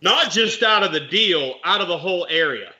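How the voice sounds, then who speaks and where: A man's voice: high voice, lively intonation, normal speed, sharp tone. A man, a real estate investor and mentor, telling a story in casual chat and explaining legal points plainly with animation.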